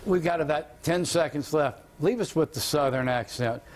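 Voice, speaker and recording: Joking guy hosting a tv chat, kinda high voice, faint hum behind. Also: moderate pace. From Kentucky. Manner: chatty, joking. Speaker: TV morning show host. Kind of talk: casual interview chat.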